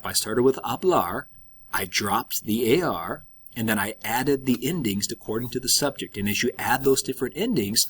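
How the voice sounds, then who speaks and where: A man's voice: mid-range voice, fairly bright tone, breathy edge. A man teaching a recorded lesson, explaining step by step with patient check-ins. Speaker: Spanish teacher.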